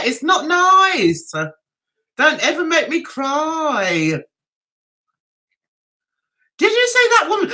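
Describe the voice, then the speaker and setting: A woman's voice: high voice, pushed and bright. A middle-aged woman hosting a casual livestream, reading out comments, chatting to viewers and laughing often. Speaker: livestream host.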